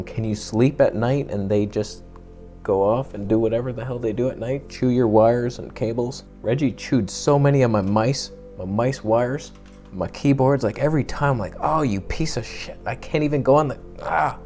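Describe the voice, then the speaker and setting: A man's voice: lowish voice, normal speed, dark tone, faint music behind. A young man chatting casually to camera, telling rambling, jokey stories and swearing now and then. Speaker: vlogger.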